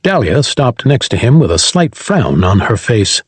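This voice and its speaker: A man reads an audiobook with a husky, slightly breathy voice. His pitch rises and falls in an animated way, and the recording is close and dry with no room sound. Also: unhurried, no echo. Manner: voices every character himself. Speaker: audiobook narrator. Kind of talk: scripted audiobook narration.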